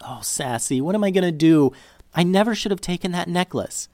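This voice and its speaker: A tearful, remorseful little girl in a storybook reading, put on by a male reader. Her voice rises higher than his own and swings widely as she pleads. The recording is dry and close. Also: expressive, brisk, a little mellow, dry recording. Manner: pleading, emotional.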